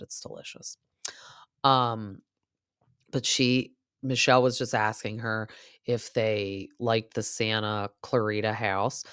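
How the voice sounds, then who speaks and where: A woman's voice: a bass voice, fairly bright tone, no echo, clean studio sound. A young adult woman hosting a podcast, chatting casually and rambling with lots of fillers. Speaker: podcast host. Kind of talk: casual recap chat.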